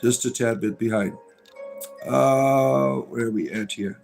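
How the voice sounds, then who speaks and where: On a casual livestream, a middle-aged host reads out chat comments and answers them, rambling with many fillers and false starts. His voice is medium-pitched and gravelly, and he takes his time. Soft music plays quietly in the background.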